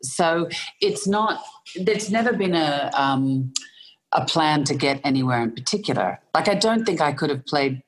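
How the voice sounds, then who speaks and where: A woman with an Australian accent, a guest in an interview, telling animated stories and laughing often. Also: low-pitched, measured pace. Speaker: guest actor. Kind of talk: animated anecdotal storytelling.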